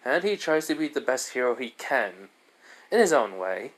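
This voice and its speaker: A man's voice: medium pitch, big pitch swings, moderate pace. A man voicing a small non-human male school principal who talks in a polite, formal, praising way. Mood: kindly. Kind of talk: amateur fan story narration.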